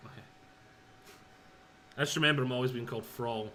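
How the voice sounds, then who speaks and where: A man's voice: mid-range voice, fairly quick, crowd noise. A man chatting casually on a co-op game stream, easygoing as he explains game details. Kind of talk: casual gaming chat.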